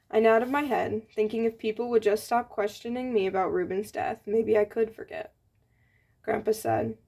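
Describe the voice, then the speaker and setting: A woman reading a novel aloud in a gentle, plain storybook manner, giving the characters light voices. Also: mid-range voice, steady tone, moderate pace, vocal fry. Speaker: audiobook reader.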